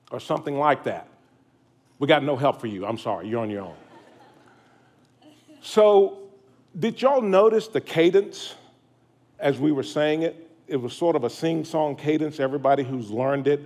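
A man's voice: medium pitch, darkish tone. A middle-aged man, preaching a sermon to his congregation in a folksy, humorous way. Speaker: pastor. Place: church sanctuary.

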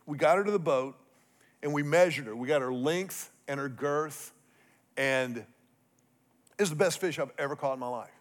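A middle-aged man preaching a sermon as a pastor, telling a story with humor and animated swings between loud and soft. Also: fairly high pitch, normal speed, long pauses.

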